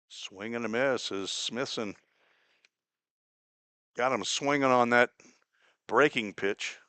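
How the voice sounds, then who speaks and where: A man from Cincinnati calling a baseball game play by play, chatty and folksy, drifting into small talk between pitches. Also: a bit bright, dry recording. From Cincinnati, Ohio. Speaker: play-by-play announcer. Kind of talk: live baseball radio commentary.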